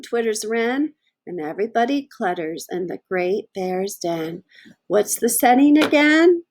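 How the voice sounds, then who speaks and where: A woman's voice: mid-range voice, expressive, a little mellow. A woman teacher reading a picture book aloud to young children, stopping to ask them questions. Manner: slow, sing-song, asks children questions.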